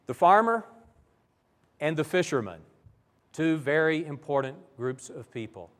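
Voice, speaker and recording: A man's voice: a little high, unhurried, big-room sound. A man preaching a Bible lesson in a church, telling the stories vividly. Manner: animated, vivid storytelling. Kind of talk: sermon-style Bible lesson.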